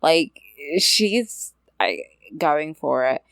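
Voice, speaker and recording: A young woman with a low voice that swings widely, co-hosting a podcast. She is sarcastic and swears freely, with lots of "like" and "um". The recording is dry and close. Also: sing-song, very slow, vocal fry, fairly bright tone, dry recording. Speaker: podcast co-host. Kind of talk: casual recap chat.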